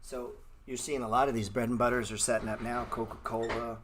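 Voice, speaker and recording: A man's voice: medium pitch, level tone, a little fast, slight background noise. A man hosting a live stock-trading stream, answering chat in blunt, slangy street talk and calling viewers bro. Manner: repeats words playfully.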